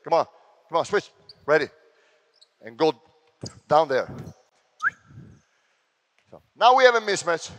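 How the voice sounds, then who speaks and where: A man with an Italian accent running a basketball clinic on court, giving brisk drill commands and sometimes shouting cues. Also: on the high side, big pitch swings. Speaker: basketball coach. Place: large indoor gym. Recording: long gym reverb.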